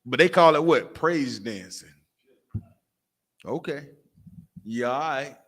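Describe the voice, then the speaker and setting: A man's voice: mid-range voice, expressive, slow, fairly bright tone. A man with a Southern US accent leading a lesson, emphatic and repetitive, calling on others by name. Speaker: teacher leading a street class. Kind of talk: preaching lesson with asides.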